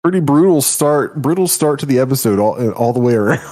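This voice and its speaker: A man co-hosting a podcast, giving a steady episode recap and chatting casually. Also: medium pitch, brisk. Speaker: podcast co-host.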